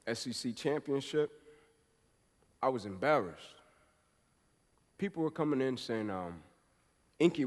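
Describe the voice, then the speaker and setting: A man in his thirties giving a passionate motivational speech, telling his story and building to forceful, emphatic peaks. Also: mid-range voice. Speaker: motivational speaker. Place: event hall. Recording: speech in a reverberant hall.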